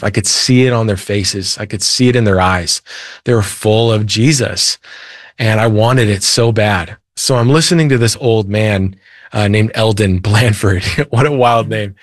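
Low-voiced man telling his story. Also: no echo, studio quality. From United States. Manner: earnest storytelling, with quoted dialogue and light laughs. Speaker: interview guest. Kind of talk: personal testimony in conversation.

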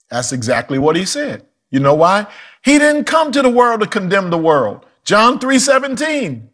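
A man preaching a sermon with humor and asides, swinging from shouts to hushed quoted lines. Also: high-pitched, very animated, unhurried.

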